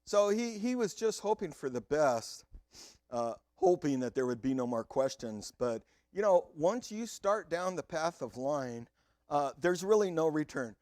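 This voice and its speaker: A male pastor delivering an animated sermon and talking straight to his congregation. His voice rises and falls a great deal, and he takes his time with each phrase. The recording is dry, with little room sound. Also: a little high, unhurried, no room sound.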